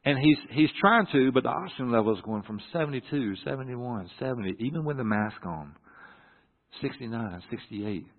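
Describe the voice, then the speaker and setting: A middle-aged man telling a personal story from the pulpit, halting and earnest with many restarts. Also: mid-range voice, expressive. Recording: echoey hall through a phone-like line.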